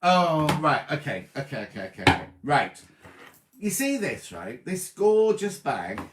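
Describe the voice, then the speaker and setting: A man hosts a relaxed sewing broadcast, greeting viewers one by one with chatty asides. His pitch swings a lot as he talks. The room around him sounds roomy and echoey. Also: moderate pace, very noisy. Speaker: sewing show host. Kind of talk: casual chat reading viewer comments.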